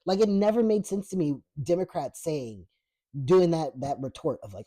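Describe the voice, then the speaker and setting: At a moderate pace, this male host speaks in a mellow, slightly high voice with big swings in pitch. He's ranting casually and profanely about politics, rambling with fillers and restarts and often laughing at chat comments.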